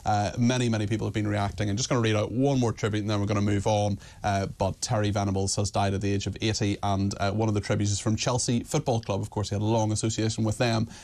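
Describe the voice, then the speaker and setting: Male talk host, rapid delivery, loose and chatty, stumbles through fillers. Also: lowish voice, little pitch movement, a little mellow. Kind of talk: live talk radio chat.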